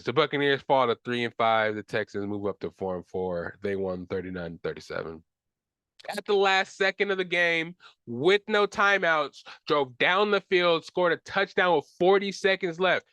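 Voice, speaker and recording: A man's voice: on the high side, animated, moderate pace, fairly bright tone, no room sound, dull audio. A young man hosting a solo sports podcast, ranting in frustration with casual slang and profanity. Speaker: podcast host.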